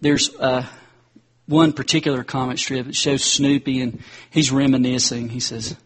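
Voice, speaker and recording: Husky-voiced man preaching casually. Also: mid-range voice, level tone, normal speed. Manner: conversational, addresses the crowd as guys. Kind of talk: sermon.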